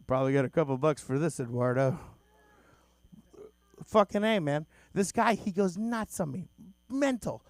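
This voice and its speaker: A man's voice: on the high side, expressive, normal speed, pauses often, dry recording. A young man from Boston doing a crude, self-mocking stand-up set on a club stage into a handheld mic. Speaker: stand-up comedian.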